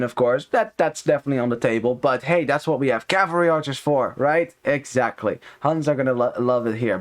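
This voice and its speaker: Upbeat, chatty male game caster. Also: fairly high pitch. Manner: chatty and upbeat, frequent fillers and self-corrections. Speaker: esports caster. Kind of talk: live game commentary.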